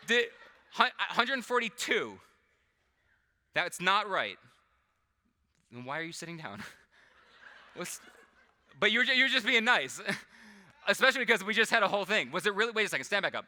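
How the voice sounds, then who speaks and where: A man's voice: high-pitched, sing-song, moderate pace, long pauses, bright, forceful tone. A man performing a live comedic mind-reading act on a convention stage, chatty and self-deprecating, laughing often as he works with audience volunteers. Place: large convention hall stage.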